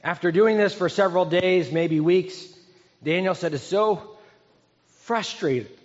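A man in his fifties preaches with an earnest, conversational manner, turning to his listeners with questions. His voice sits a little high for a man. The sound is muffled and rings with a long hall echo. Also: measured pace. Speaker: pastor. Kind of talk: sermon. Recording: echoey hall, dull sound.

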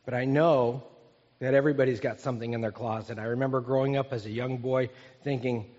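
A man's voice: medium pitch, steady tone, a little fast, a little mellow. A man in his fifties, a pastor preaching an earnest, conversational sermon that often asks the congregation questions. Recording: echoey hall, dull sound.

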